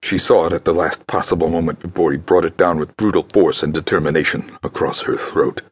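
A man reading an audiobook in a measured, grave storytelling manner. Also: extremely low pitch, steady tone, slightly rough. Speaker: audiobook narrator. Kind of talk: scripted narration.

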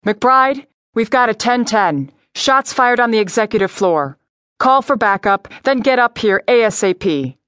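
A woman voicing a tough female New York detective who gives crisp, commanding orders in an audiobook. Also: fairly high pitch, expressive, unhurried, a bit bright, dry recording, clean studio sound. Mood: urgent. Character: tough female NYPD detective, cool under pressure. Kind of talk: audiobook character voice.

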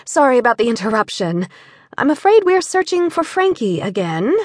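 A woman voicing a patient widowed mother of three, calm and gently firm. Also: on the high side, moderate pace, no room sound, clean studio sound.

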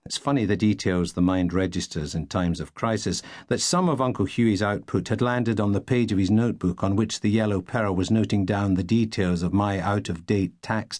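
A man reading a novel aloud in the first person, wry and deadpan. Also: on the low side, no echo, studio quality. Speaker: audiobook narrator.

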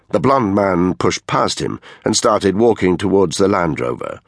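A man reading a thriller audiobook in measured scripted narration. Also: a bass voice, very animated, vocal fry, breathy edge, dry recording. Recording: dry close studio mic.

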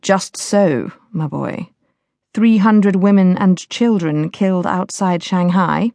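A woman's voice: fairly low pitch, takes it slowly, gravelly, a little mellow, no echo. A woman reading the part of a scheming older English lord who speaks affably but gives orders in a cold, businesslike way.

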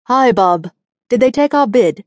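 A woman's voice: on the high side, expressive, unhurried, darkish tone, no room sound, pitched above the performer's own voice. A woman voicing a middle-aged male film director with a South African accent who speaks dryly, in an audiobook reading. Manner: dry.

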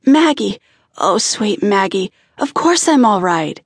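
A woman voicing calm male firefighter Chance. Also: mid-range voice, slow, dry recording, studio quality, exaggerated voice. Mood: reassuring. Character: male firefighter Chance, steady and warm-hearted.

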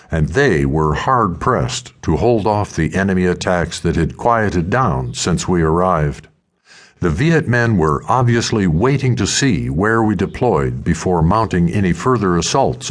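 Deep-voiced male audiobook narrator. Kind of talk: scripted first-person narration.

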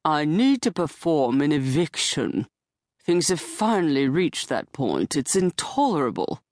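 A weary, formal old widower, as a woman narrator puts him on, speaking in a slow, lowered voice. He weighs each clipped word as if it costs him something. The recording is close and completely dry. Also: sing-song, darkish tone, no room sound. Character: older male widower, formal, weary, bitter. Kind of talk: audiobook character voice. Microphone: close studio mic.

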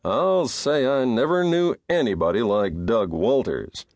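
A man's voice: mid-range voice, unhurried, darkish tone, dry recording, lightly acted. A man playing a grave, guarded cowboy in an audiobook, dry and understated. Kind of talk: audiobook character voice.

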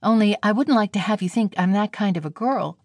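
A woman plays a shy, anxious young girl, pitching her natural, mid-range voice above her own and speaking a little fast. The delivery is soft, anxious and earnest, captured in a dry, clean studio recording.

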